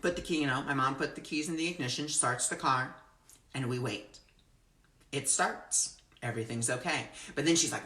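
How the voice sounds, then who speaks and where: A woman with a low voice leads a live-streamed spiritual talk in an earnest, expressive way. She speaks to her viewers directly and greets them as their comments come in. Her voice rings in a roomy echo. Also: moderate pace. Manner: earnest and expressive, acts out her own panic. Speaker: spiritual teacher hosting a live discussion.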